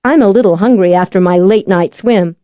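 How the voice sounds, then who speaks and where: A woman's voice: medium pitch, dark tone, dry recording, lo-fi sound, lightly acted. A woman voicing a stubborn, defensive heroine. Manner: quick, defensive. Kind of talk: audiobook character voice.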